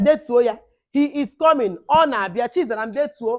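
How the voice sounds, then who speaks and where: A woman with an Igbo accent leads a children's language lesson, slipping back and forth between English and Igbo. She says short phrases and has the class repeat them after her. Her voice sits a little high for a woman. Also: expressive, fast.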